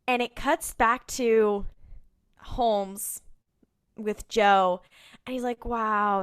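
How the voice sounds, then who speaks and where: A woman co-hosting a podcast, casually recapping a TV episode with lively voiced asides for the characters. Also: medium pitch, clean tone. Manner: animated storytelling with quick voiced impressions of characters. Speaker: podcast co-host.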